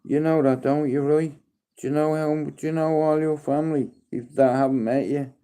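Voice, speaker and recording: A man in his fifties on a casual live stream, mixing coaxing sing-song baby talk and sudden loud calls with rambling, heartfelt chat. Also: fairly high pitch, steady tone, moderate pace, clean tone. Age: 50s.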